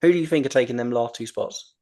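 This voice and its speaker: Quick-paced and warm, this man's mid-range voice carries a casual, enthusiastic wrestling podcast. As host he rambles, with lots of ums and restarted sentences.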